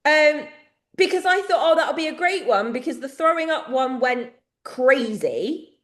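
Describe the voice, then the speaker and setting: She speaks in a high-pitched, very animated voice at a measured pace, and the audio is reverberant. A chatty English woman co-hosting a podcast, she tells stories and laughs a lot.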